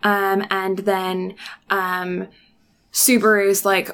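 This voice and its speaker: A woman's voice: medium pitch, completely flat delivery, a little slow, fairly bright tone. A woman in casual chat, retelling an episode at length with many ums and restarts.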